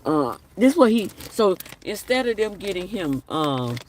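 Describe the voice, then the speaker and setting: A man's voice: high-pitched, big pitch swings, a little slow, distant mic, slight background noise. A man hosting a casual live stream, chatting and reading viewer comments aloud with an apologetic manner. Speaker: livestream host.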